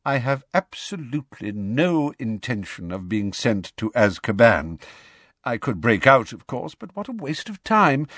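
A man voicing a calm, wry, kindly old male wizard who speaks gently and pleasantly. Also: mid-range voice, no room sound, clean studio sound.

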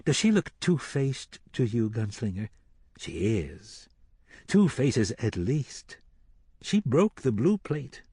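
A man's voice: mid-range voice, big pitch swings, takes it slowly, mellow, husky, dry recording, clean studio sound, exaggerated voice. A man voicing a sly, mocking male sorcerer who taunts as he reads the cards, in an audiobook reading. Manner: taunting and teasing.

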